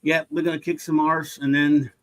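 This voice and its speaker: A man with a somewhat high voice talks through comic pages on a laid-back podcast. His delivery is blunt and wry, and he dryly questions the story's logic as he goes. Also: little pitch movement, normal speed, low-quality recording. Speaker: podcast co-host. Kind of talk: casual comic book podcast chat.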